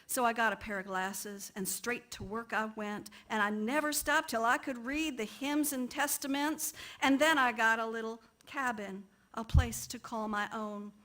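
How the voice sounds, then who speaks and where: A woman's voice: fairly high pitch, steady tone, a little slow, pushed and bright. A woman reading as an older woman proud to learn reading. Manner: reads verse in a put-on dialect.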